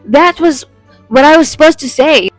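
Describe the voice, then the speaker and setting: A young woman vlogger with a slightly high voice tells her story in a loose, rambling way. She swears freely and laughs at herself often. Faint music sits underneath. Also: expressive, normal speed, dry recording, poor audio. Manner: rambling, profane and self-deprecating, laughing often. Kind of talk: casual storytime vlog.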